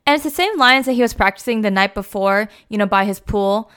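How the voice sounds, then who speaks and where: A woman's voice: medium pitch, fairly quick, fairly bright tone, clear, resonant tone. A young adult woman casually retelling a story, chatty and full of fillers like "like" and "you know".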